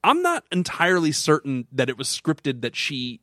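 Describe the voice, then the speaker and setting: A man co-hosting a podcast, rambling and animated as he retells film scenes in casual chat. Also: a little high, moderate pace, dry recording, studio quality. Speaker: podcast co-host.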